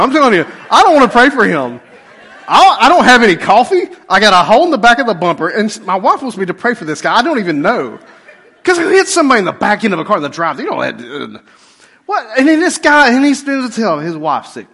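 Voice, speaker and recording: A middle-aged man, a pastor, telling a funny personal story in a sermon and swinging from loud outbursts to hushed asides. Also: high-pitched, sing-song, brisk, breathy edge, some chatter behind. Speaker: pastor and police chaplain.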